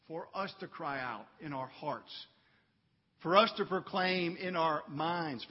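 Pastor guy preaching, high kinda husky voice, slow and earnest, big echoey church, muffled recording. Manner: earnest, swells to fervent emphasis. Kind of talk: sermon. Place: church sanctuary.

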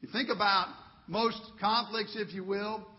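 High-voiced man preaching in a hall. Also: fairly even intonation, measured pace, muffled recording. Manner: conversational preaching with storytelling and a closing prayer. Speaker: pastor. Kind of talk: sermon.

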